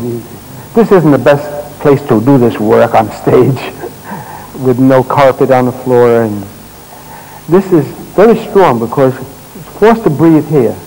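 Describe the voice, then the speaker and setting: On a stage at a congress, a man leads a live therapy demonstration, giving gentle, directive instructions in short commands and explaining to the audience as he works. His voice is mid-range and slightly rough, and the audio is poor.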